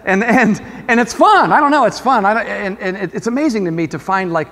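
In a church sanctuary, a male pastor with a high-pitched, fairly bright voice delivers a sermon at a fairly quick pace, with a long reverb tail. He keeps it conversational, often putting questions to the congregation.

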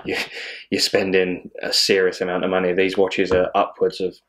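A man with a very low, deep voice talks casually as co-host. He rambles and restarts, laughs easily and drops the odd swear word. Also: monotone, normal speed, a bit bright. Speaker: watch channel co-host. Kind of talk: casual chat.

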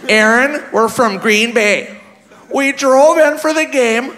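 A man voicing a sweet seventy-year-old woman football fan with an Upper Midwest accent, drawn-out and eager. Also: very high voice, bright, forceful tone, pitched above the performer's own voice, heavily acted. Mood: chirpy. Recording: live stand-up in a reverberant hall with audience.

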